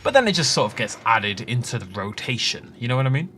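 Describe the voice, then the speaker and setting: Lively, bright-voiced man narrating gameplay. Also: medium pitch, fast talker, slight background noise. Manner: chatty, rambling asides with laughs. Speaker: let's play host. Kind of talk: casual gameplay commentary.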